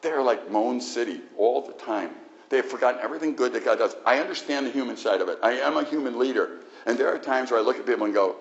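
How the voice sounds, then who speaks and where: A man's voice: mid-range voice, fairly quick, dull audio. A male pastor preaching a sermon in an emphatic, conversational way with frequent restarts.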